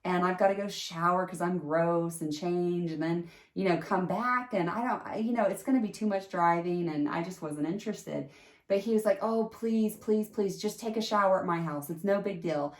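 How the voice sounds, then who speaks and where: Host, female, lower voice, lively storyteller, roomy sound. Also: moderate pace. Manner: animated, jumps into high pitch acting out quotes. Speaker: podcast host telling a personal story. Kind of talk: casual storytelling.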